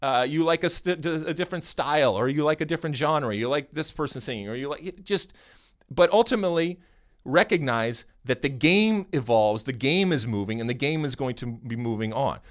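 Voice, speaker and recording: An American man hosting a podcast in casual chat, animated and teasing, often restarting his sentences. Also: mid-range voice, fairly quick. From United States. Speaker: podcast host.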